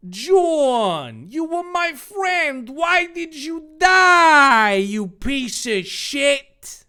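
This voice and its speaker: Dude doing a high drawn-out hero boy voice, sarcastic and over the top. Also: very animated, pushed and bright, exaggerated voice. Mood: melodramatic. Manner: overwrought, sarcastic-sounding. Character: young male hero trainer, melodramatic, flatly sarcastic.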